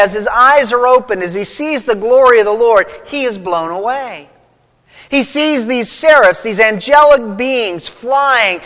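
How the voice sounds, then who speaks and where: High-voiced male preacher, echoing hall. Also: bright, forceful tone. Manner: reads scripture aloud, then explains with rising emphasis. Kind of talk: sermon. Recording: long hall reverb.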